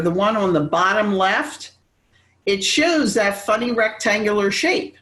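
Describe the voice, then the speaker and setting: A woman giving a real estate training lecture, animated and acting out quick bits of dialogue. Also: mid-range voice, reverberant. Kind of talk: classroom lecture.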